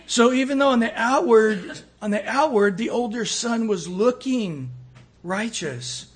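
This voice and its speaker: Husky-voiced man preaching. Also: very high-pitched, a little slow. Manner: animated preaching, acts out quoted voices, swings loud and soft. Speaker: pastor. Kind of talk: sermon.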